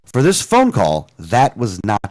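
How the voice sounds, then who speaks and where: A man with a lowish, unhurried voice co-hosts a radio talk show. He animatedly retells a phone call, restarting often and quoting lines of dialogue as he goes.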